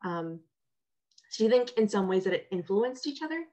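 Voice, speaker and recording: A woman's voice: medium pitch, sing-song, a little fast, mellow, muffled recording. A woman interviewer asking a casual question, hesitant and full of fillers.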